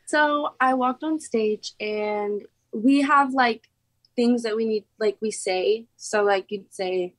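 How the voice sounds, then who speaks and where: A woman's voice: a little high, slow pace, no room sound. A young woman from Oklahoma in her late teens, a former contestant chatting casually in an interview, bubbly and giggly with lots of "like" fillers.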